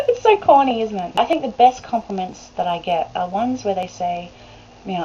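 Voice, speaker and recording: A woman's voice: mid-range voice, lively intonation, a little slow, mellow. A woman, chatting casually to a webcam in a rambling way that is full of laughs. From Australia. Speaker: vlogger. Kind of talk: casual chat to camera. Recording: dull lo-fi webcam recording with faint hiss.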